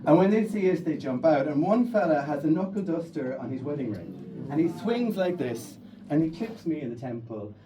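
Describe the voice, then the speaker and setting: A young man with a Kerry accent, his voice pitched high, tells a funny personal story to a live audience. He sits a little back from the mic, with a faint room hum behind him. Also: normal speed, far from the mic. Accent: Irish, County Kerry. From Ireland. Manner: lively, comic, animated. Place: storytelling stage before an audience.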